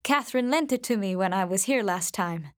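A woman's voice: medium pitch, lively intonation, a little fast, no echo, clean studio sound, natural voice. A woman voicing a humble, polite poor village father in a storybook reading.

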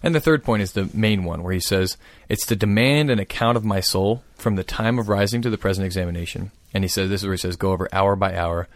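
A man calmly explaining a prayer practice in casual conversation. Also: low-pitched, fast talker, few pauses, no room sound. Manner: thoughtful, explanatory, steady.

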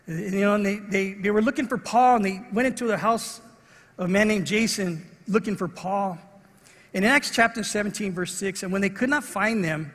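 High husky-voiced preacher in echoing hall. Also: male voice, brisk. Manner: storytelling, animated, acts out voices. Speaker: pastor. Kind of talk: sermon with a personal story. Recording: long reverb of a large hall.

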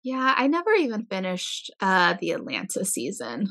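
A woman's voice: medium pitch, wildly swooping pitch, moderate pace, fairly bright tone. A young woman co-hosting a casual chat, chatty and often acting out what others said. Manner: chatty, acts out quotes from others.

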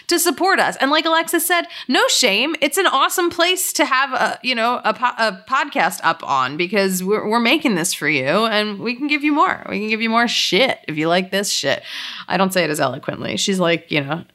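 A woman's voice: a little high, big pitch swings, brisk, bright, forceful tone. A young woman co-hosting a podcast in casual chat, talkative, swearing freely and full of fillers. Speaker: podcast co-host.

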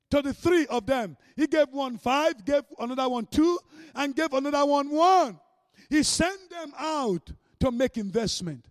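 A man preaching a sermon with great energy, swinging between shouts and hushed mocking asides. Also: extremely high pitch, no echo, clean studio sound.

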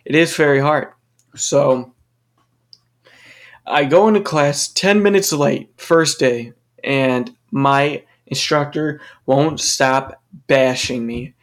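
Young man ranting on a solo podcast. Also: medium pitch. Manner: profane, ranting, rambling with restarts. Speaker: podcast host. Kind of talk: casual solo podcast monologue.

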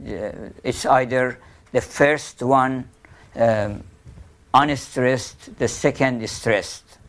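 A man's voice: mid-range voice, extremely slow, fairly bright tone. A man with a Persian accent explaining poetry in an interview, telling anecdotes and chanting rhythms aloud. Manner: storytelling, chanting poetic rhythms. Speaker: poet and painter teaching Persian poetry.

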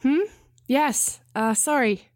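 A woman voicing a tired, caring woman who runs an orphanage, speaking hesitantly and gently. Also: sits high, slow, no echo, studio quality, voice pushed up.

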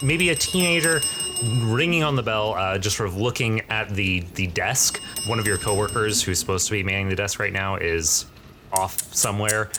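A man's voice: on the low side, normal speed, background noise. A man narrating a tabletop game as game master, in a rambling way with many fillers.

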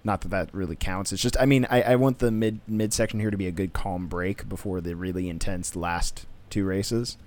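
A man in casual chat, thinking aloud in a laid-back way as he pitches story ideas. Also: steady tone, moderate pace, hardly any pauses, a little mellow.

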